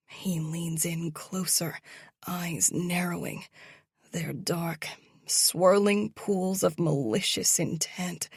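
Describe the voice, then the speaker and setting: Slow, husky woman narrating an audiobook. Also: on the low side, fairly even intonation, no echo, studio quality. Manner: slow, hushed and tense. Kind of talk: first-person romance audiobook narration.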